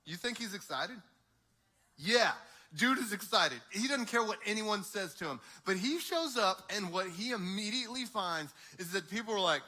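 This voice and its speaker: Young man, youth pastor; animated sermon, high voice, slips into character voices. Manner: animated, acts out voices in quick dialogue.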